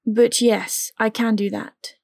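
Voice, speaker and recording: A woman reading the part of an Irish witch with a soft lilt, in a slow, dry audiobook reading. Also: a little high, fairly even intonation, vocal fry, no room sound, exaggerated voice. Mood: calm.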